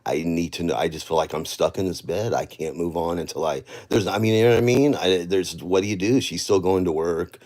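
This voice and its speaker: A man vlogging in a loose, rambling monologue, often restarting his sentences and sinking into quiet, emotional talk. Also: sits low, a little fast, hardly any pauses.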